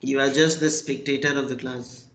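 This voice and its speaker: A man teaching a French class over a video call, slow and patient, praising and prompting his students. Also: mid-range voice, steady tone, a bit bright. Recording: echoey room.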